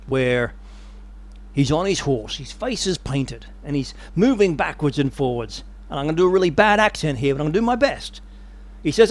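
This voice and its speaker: Animated male preacher. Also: on the high side. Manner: animated storytelling, dramatic. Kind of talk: sermon.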